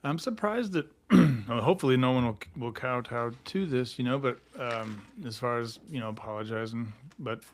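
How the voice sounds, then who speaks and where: A man co-hosting a podcast in casual chat, speaking in a halting, hesitant way. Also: medium pitch. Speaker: podcast co-host.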